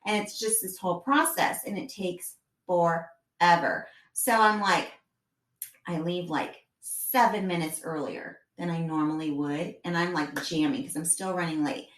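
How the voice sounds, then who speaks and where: A woman's voice: fairly low pitch, unhurried. Chatty woman, echoey and distant. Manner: animated storyteller, acts out family scenes. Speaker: podcast co-host. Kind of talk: casual chat.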